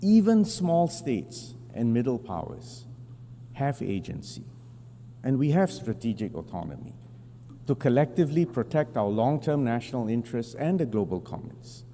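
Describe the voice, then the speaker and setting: A man giving a formal prepared speech to a large assembly, in measured, deliberate phrasing with emphatic stresses, at a podium microphone. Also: medium pitch, sing-song, warm tone. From Singapore. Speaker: national representative addressing the General Assembly. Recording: long hall reverb with faint hum.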